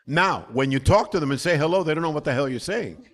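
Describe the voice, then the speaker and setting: A man's voice: fairly high pitch, expressive, fast talker, a bit bright. An older male musician whose first language is Spanish, talking loosely and repeating himself as a guest on a live panel. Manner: loose, repetitive, laughs often, trails off. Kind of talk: live panel discussion, storytelling.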